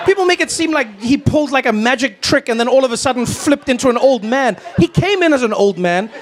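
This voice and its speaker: A man's voice: very high voice, lively intonation, a little fast, hardly any pauses. Stammering man ranting on stage. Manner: conversational rant, stammers and restarts. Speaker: stand-up comedian. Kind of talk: stand-up routine. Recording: noisy live stage audio.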